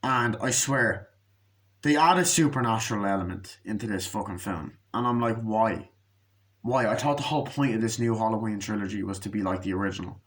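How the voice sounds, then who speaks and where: A young man giving a casual, profane movie review, ranting and acting out scenes in quick put-on voices. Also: fairly low pitch, expressive, fairly bright tone.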